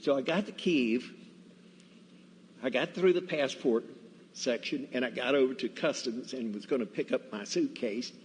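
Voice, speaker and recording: A man preaching in a church, telling Bible and personal stories in a folksy, deliberate way. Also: mid-range voice, husky. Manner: slow, folksy, deliberate storytelling. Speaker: guest preacher. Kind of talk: storytelling sermon. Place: church sanctuary. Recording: reverberant church hall, faint ambience.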